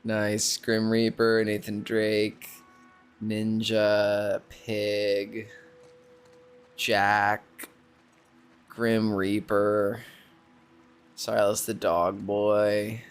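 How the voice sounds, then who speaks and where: A man's voice: lowish voice, monotone, extremely slow, pauses often, clear, resonant tone, faint music behind. A man streaming a video game, giving casual, joking commentary and swearing freely. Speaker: gaming streamer.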